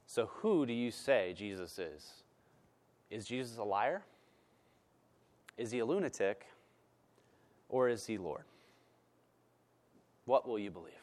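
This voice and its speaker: A man preaching a sermon as pastor, emphatic and repeating words for stress, then praying in a soft, slow voice. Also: on the low side, animated.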